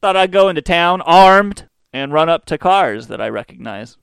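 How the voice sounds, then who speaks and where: A man's voice: a little high, expressive, normal speed, creaky, fairly bright tone, clear, resonant tone, no echo, studio quality. A man voicing a rambling, overfriendly backwoods man who wanders around armed, in a folksy drawl.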